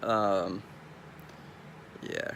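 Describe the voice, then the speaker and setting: A man's voice: low-pitched, wildly swooping pitch, very slow, creaky, fairly bright tone, a little hiss or hum. A young man from California with a Californian accent, rambling in a laid-back, casual vlog monologue. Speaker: streamer.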